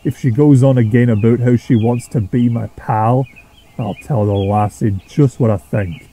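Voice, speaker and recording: A man voicing a grumpy, blunt male steam engine with a Scottish accent, gruff and grumbling. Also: medium pitch, moderate pace, dark tone, close to an everyday voice.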